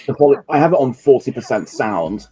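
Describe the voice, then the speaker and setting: A man's voice: mid-range voice, animated, fairly quick, warm tone, rough recording. A man giving a casual fan commentary on a film, rambling with fillers and restarts. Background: film soundtrack playing.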